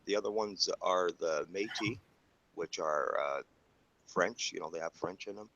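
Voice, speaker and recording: Deep quiet man on a dull call line. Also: measured pace, gravelly. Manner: soft, short agreeing replies. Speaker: panelist. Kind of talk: casual chat.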